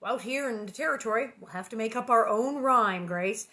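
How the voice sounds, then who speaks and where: A woman's voice: on the high side, normal speed, sharp tone. A woman reading the lines of a tired frontier father who makes dry puns in a storybook. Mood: wry.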